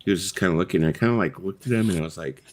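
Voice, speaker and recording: A man's voice: sits low, very fast, darkish tone. A middle-aged man hosting a casual live chat, telling rambling stories full of fillers and the odd swear word. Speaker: host.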